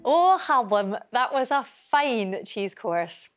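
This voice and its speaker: Woman hosting a language show, voice bounces up and down a lot, a bit high. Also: takes it slowly, music in the background. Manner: bright, lively, switching between languages. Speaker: host. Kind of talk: studio presenting.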